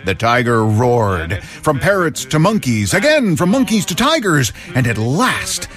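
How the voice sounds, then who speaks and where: A man narrating a children's story in an animated storytelling manner. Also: mid-range voice, a little slow, faint music behind.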